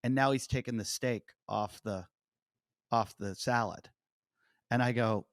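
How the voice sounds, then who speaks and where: A man's voice: mid-range voice, normal speed, no room sound, studio quality. A man hosting a podcast, telling a story in casual chat and acting out what each person said. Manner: animated storyteller, acting out quotes. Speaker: comedian and podcast host.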